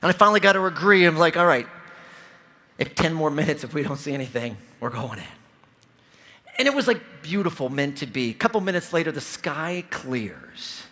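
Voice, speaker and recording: A man in his forties gives an energetic keynote from a convention stage. His voice sits high for a man, and his pitch swings widely as he tells his stories. His tone is bright and forceful as he pulls the audience in. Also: a little fast. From Ohio. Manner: energetic, storytelling, audience-engaging. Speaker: keynote speaker. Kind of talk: motivational keynote speech. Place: large convention hall stage.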